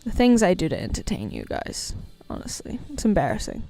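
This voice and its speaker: A young woman livestreamer chatting casually, playful and giggly, often trailing off into quiet mumbled asides. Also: mid-range voice, huge pitch swings, a little fast, soft background music. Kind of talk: casual stream chat.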